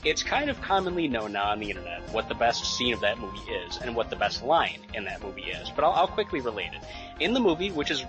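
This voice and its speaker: A man in his late thirties co-hosting a casual podcast, rambling excitedly with lots of fillers and swearing. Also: mid-range voice, fast, over music. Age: late 30s. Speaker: podcast co-host.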